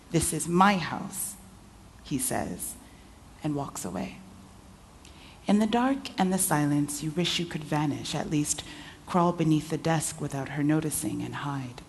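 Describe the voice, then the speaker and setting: Low-voiced woman reading her fiction aloud. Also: a little hiss or hum. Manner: measured, intimate second-person narration. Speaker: author. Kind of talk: literary reading. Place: literature festival event.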